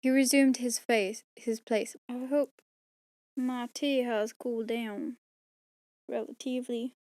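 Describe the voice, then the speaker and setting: A woman's voice: fairly high pitch, fairly even intonation, slow, a little mellow, no echo, clean studio sound. Tired, chatty woman. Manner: rambling, self-mocking, tired. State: strained, tired voice. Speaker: audiobook narrator. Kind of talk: casual bloopers and outro chat.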